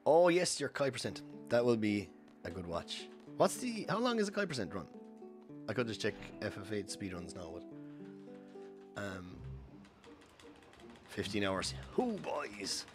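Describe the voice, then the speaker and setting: A man streaming a speedrun, chatting casually and explaining each step to viewers as he plays. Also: on the low side. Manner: chats with viewers between instructions. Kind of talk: live gameplay commentary.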